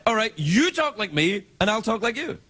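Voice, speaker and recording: A man's voice: sits high, very animated, moderate pace, background noise. A man with a Scottish accent hosting a late-night comedy show, with playful, mock-indignant banter and frequent laughter.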